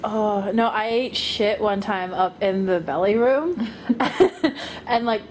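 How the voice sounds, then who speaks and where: A woman's voice: medium pitch, takes it slowly, slight background noise. A woman from Canada telling stories in a casual chat, laughing as she goes. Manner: laughing storyteller.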